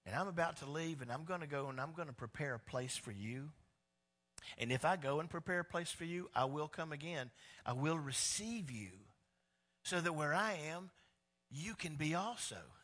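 A male pastor delivers a sermon in a fairly high, bright, forceful voice. He talks conversationally and builds emphasis through repetition, often restarting a phrase mid-thought. His delivery swings between loud, driving lines and quiet, intimate ones. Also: big-room sound.

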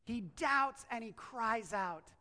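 A woman's voice: on the high side, expressive, slow pace, bright, forceful tone. A woman preacher delivering a sermon as a story, acting out the quotes and turning to the listeners with asides. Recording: echoey hall.

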